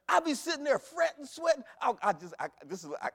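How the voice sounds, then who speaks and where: An older man delivers a sermon in a high, very animated voice. He swings from loud, fervent calls down to low, hushed asides. His voice rings out with a long reverb, as in a large church hall. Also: fast, hardly any pauses, slightly rough. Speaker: pastor.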